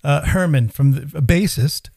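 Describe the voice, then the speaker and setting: Podcast host in his fifties, joking and chatty, a bit high-pitched, close and dry. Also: normal speed, creaky, darkish tone, no room sound. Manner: jokey, laughs often, trails off mid-sentence. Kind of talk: casual chat.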